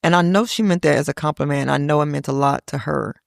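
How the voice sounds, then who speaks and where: Creaky-voiced woman telling a personal story. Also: sits low, fast talker, no room sound, clean studio sound. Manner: reflective, quotes family members in little voices. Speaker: podcast host.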